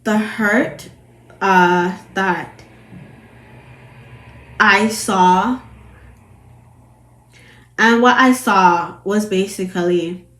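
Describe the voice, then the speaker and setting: A Jamaican woman chatting to camera in a casual commentary vlog. She rambles and circles back over her points at a middle pitch. Her voice bounces around a roomy space. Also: drawn-out words, pauses often, a bit bright. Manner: chatty, rambling, repeats herself. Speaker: vlogger. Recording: roomy echo.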